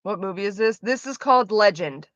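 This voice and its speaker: A woman streamer chatting casually with viewers, animated and profane, with lots of "like" fillers. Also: mid-range voice, brisk, dry recording. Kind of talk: casual live stream chat. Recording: slightly dull lo-fi sound.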